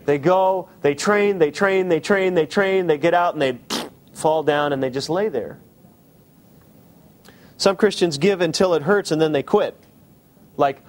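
A man preaching a sermon, asking the congregation direct questions and slowing down for emphasis. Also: fairly high pitch. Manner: shifts between quick asides and slow emphasis. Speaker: pastor.

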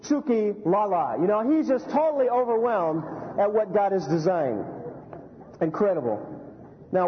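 A man preaching a sermon as a pastor, animated, telling stories and asking the congregation rhetorical questions. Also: sits high, in a large hall, muffled recording.

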